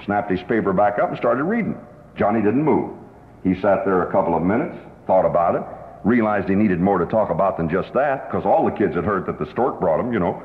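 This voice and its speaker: A man's voice: deep voice, lively intonation, a little fast. A man lecturing on selling, telling stories in an emphatic way. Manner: emphatic storyteller. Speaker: sales trainer. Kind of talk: sales seminar lecture with anecdotes. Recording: roomy hall, dull lo-fi tape.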